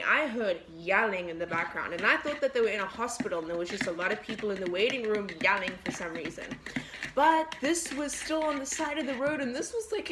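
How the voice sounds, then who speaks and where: A woman's voice: a little high, background noise. A young woman in her twenties chatting casually while she bakes, telling a story and swearing freely as she jumps between the recipe and the tale. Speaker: vlogger baking and telling a story. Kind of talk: casual story-time chat.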